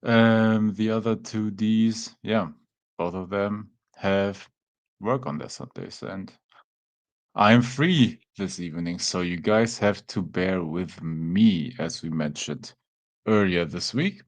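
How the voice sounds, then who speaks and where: Laid-back German-accented man, low voice. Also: slow pace. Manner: relaxed, chatty, talks to chat with fillers like "man". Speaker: watchalong host. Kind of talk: casual live-stream chat.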